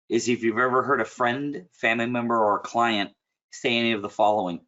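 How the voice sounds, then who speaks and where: A man coaches a client in a loose, one-on-one session, with a bright, forceful edge to his voice. He talks bluntly and with plenty of animation, and he keeps clearing his throat. The recording sounds muffled and lo-fi. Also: mid-range voice, steady tone, brisk. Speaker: business coach.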